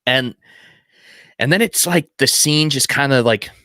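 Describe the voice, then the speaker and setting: A man's voice: mid-range voice, measured pace, bright, forceful tone, dry recording, clean studio sound. A man co-hosting a music podcast, chatting eagerly with many "like"s. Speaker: podcast co-host. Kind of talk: casual music podcast chat.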